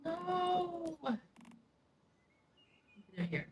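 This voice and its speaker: A woman's voice: very high voice, very animated, drawn-out words, darkish tone. A woman streamer chatting casually while she plays a game, telling stories and acting out the lines of people in them, with some swearing. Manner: chatty storyteller, acts out quoted lines. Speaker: gaming streamer.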